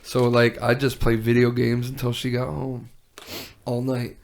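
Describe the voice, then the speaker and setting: A man co-hosting a podcast, telling quick casual anecdotes. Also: mid-range voice, monotone, gravelly, darkish tone. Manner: quick, chatty storyteller. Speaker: podcast co-host. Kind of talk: casual chat.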